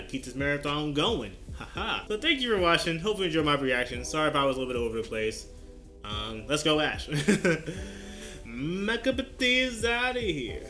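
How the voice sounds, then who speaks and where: A man reacting live to an anime fight, exclaiming and chuckling as the action unfolds. His voice sits a little high and rings bright and forceful. Faint music plays underneath. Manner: animated, exclaiming, laughing often. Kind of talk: excited live reaction commentary.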